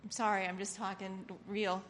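Animated woman preacher in an echoing hall. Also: mid-range voice, moderate pace, slight background noise. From Pennsylvania. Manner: animated, swinging from hushed to loud exclamations. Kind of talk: sermon. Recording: long hall reverb.

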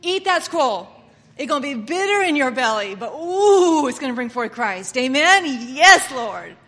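A woman's voice: high voice, big pitch swings, moderate pace, fairly bright tone, in a large hall. A woman preacher teaching the Bible with dramatic energy, acting out voices and laughing often. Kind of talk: animated sermon-style Bible teaching.

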